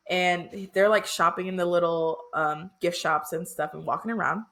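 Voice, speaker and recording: A woman co-hosting a book podcast, retelling chapters in a lively, casual way and laughing often. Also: on the low side, unhurried. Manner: animated retelling with quoted voices and laughter. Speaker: podcast co-host.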